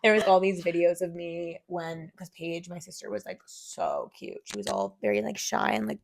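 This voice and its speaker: Woman in her 30s hosting a chat podcast, super animated, lots of "like". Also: on the low side, normal speed, vocal fry, crowd noise. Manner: animated, heavy use of "like", laughs often. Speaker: podcast host. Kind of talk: casual chat.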